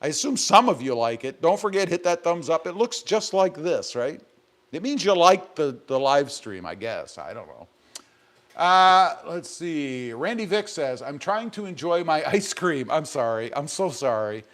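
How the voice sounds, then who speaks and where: Man hosting a chatty live stream from a garage, reads comments and jokes, slightly high voice. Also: sing-song, normal speed, fairly bright tone. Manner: joking, rambling, reads viewer comments aloud. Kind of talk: casual live stream chat reading comments. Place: home garage.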